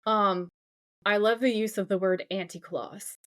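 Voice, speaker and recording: A woman's voice: medium pitch, a little slow. A woman co-hosting a podcast, recapping a TV episode in casual chat and acting out lines from the scenes. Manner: animated, quotes characters in playful put-on voices. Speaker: podcast co-host.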